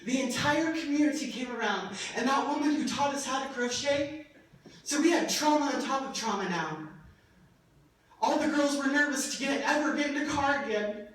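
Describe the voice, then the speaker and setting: A young adult woman giving a keynote talk, telling her story with passion and animated, laughing asides. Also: high voice, normal speed, slight background noise. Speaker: keynote speaker. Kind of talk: emotional testimonial speech. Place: large event hall. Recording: echoey hall, voice from far off.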